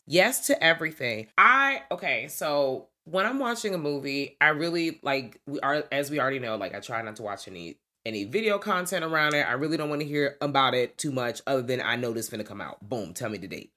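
A woman co-hosting a podcast in casual movie review chat, animated and emphatic, swearing playfully. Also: extremely low pitch. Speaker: podcast co-host.

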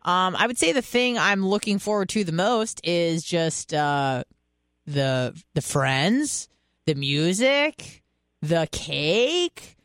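A woman's voice: on the low side, lively intonation, slow, fairly bright tone, dry recording, studio quality. Candid, profane young woman radio host. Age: 20s. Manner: candid, profane, laughing storyteller. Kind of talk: casual storytelling chat.

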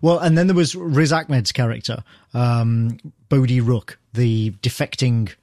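A man hosting a casual podcast chat about a film, enthusiastic and quick to laugh. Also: mid-range voice, fairly even intonation, darkish tone, no echo, clean studio sound. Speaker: podcast host.

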